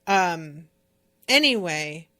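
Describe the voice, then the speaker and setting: A woman podcast host chatting about a book she is reading. She talks slowly, with a somewhat low voice. Her manner is candid and emotional, and she rambles with lots of fillers. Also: animated, pushed and bright. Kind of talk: casual book-discussion chat.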